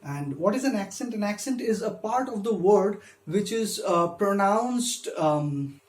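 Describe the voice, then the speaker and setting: A man's voice: high voice, animated, measured pace. A man who gives a literature lecture, patiently explaining step by step and stressing syllables when he demonstrates them. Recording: echoey room.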